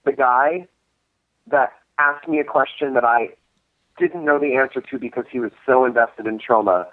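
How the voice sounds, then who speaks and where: Over a thin, phone-like connection, a cult film screening series co-host tells a long, meandering story in a relaxed interview, full of false starts and fillers. He speaks at a moderate pace in a medium pitch, with no room sound.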